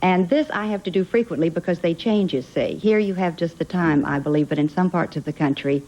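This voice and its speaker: A woman's voice: lowish voice, brisk, rough recording. A woman with a Southern American accent, pleasant and folksy, explaining her work as a game show guest. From Southern United States. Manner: pleasant, soft-spoken, folksy. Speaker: guest, recorded-time voice.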